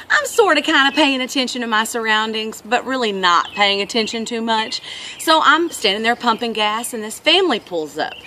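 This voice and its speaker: A woman's voice: fairly high pitch, sharp tone, a little hiss or hum. A woman vlogger telling a story in a casual, earnest, reflective monologue.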